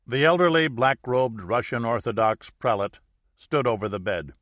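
A man narrating an audiobook in a measured, deliberate storytelling manner. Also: medium pitch, fairly bright tone, no echo, clean studio sound.

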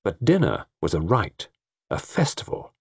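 A man narrating a story in an expressive reading. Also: on the low side, moderate pace, breathy edge, no room sound, clean studio sound. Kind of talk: audiobook narration.

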